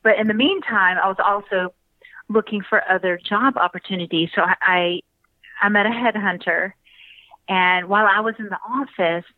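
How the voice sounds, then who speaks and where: A woman with a Southern American accent, an actress telling stories as a guest in a casual interview with lively, laughing delivery. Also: mid-range voice, moderate pace, no room sound. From Alabama, US South. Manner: animated storyteller, laughs often. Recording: phone-line audio, dry.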